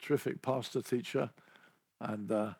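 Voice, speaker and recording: A man's voice: medium pitch, fairly even intonation, moderate pace, creaky, darkish tone, breathy edge, no room sound, clean studio sound. An older man preaching a sermon, telling his story earnestly and often restarting his sentences.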